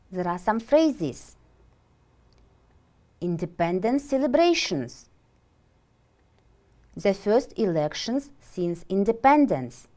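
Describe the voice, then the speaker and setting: Slow, lively-voiced woman teaching English. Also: fairly low pitch. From Kyrgyzstan. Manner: slow, deliberate, clearly enunciated; asks questions and answers them herself. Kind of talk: televised vocabulary lesson.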